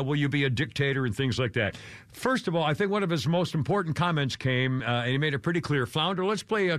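A man's voice: mid-range voice, a bit bright, no echo. An older man hosts talk radio, his voice rising and falling a lot as he rambles and restarts his sentences. The studio mic is close and dry. It sounds like easy, loose on-air chat. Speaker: radio show host. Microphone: studio microphone.

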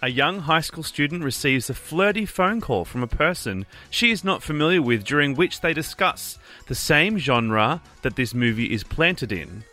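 Aussie bloke reading out quiz clues, bright voice, steady and clear, soft music under. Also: male voice, on the high side. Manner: clear, measured clue reading. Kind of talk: reading game clues on radio.

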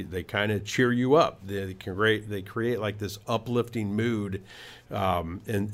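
A man hosting a home improvement talk show, giving tips in a casual, rambling way with many fillers and restarts. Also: on the low side. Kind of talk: casual radio-style talk.

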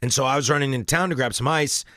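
A man co-hosting a casual podcast, trading quick interjections and then telling his own easygoing travel story. His pitch is ordinary and mid-range. The recording is dry and close. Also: a bit bright, no echo. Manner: chatty, quick interjections, laughs along. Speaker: podcast co-host. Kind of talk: casual chat about beer.

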